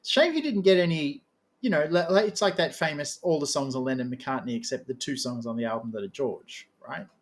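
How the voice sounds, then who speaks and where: A man interviewing a musician in a casual, chatty way, joking and thinking aloud. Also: medium pitch. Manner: chatty, animated, quick to joke. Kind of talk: casual conversation.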